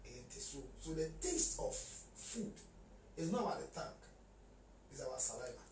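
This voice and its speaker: A man talking in a lively mix of Twi and English as a guest in a casual chat. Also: medium pitch, moderate pace, distant mic, a little hiss or hum. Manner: animated, switches between Twi and English. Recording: echoey room, voice from off-mic.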